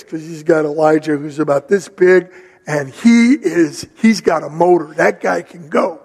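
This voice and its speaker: An older man preaching a sermon, telling a family story in an animated, conversational way. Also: sits high, moderate pace, big-room sound. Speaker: pastor.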